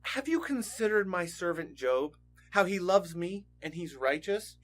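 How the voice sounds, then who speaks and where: A calm, commanding deity speaks plainly and firmly, voiced by a man. There is no fuss; every word sets a limit. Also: sits high, a little slow.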